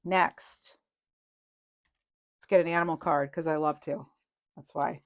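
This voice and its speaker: A woman's voice: deep voice, steady tone, slow pace, long pauses, no echo. A woman doing a casual, chatty tarot reading to her viewers, reassuring and rambling with fillers. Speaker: tarot reader.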